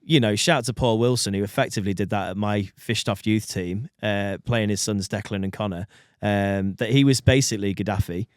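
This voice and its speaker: A man's voice: lowish voice, a little fast, smooth, no echo, clean studio sound. A man in his thirties, a podcast co-host in casual chat, rambling and swearing. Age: 30s. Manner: rambling, swearing, many fillers and restarts.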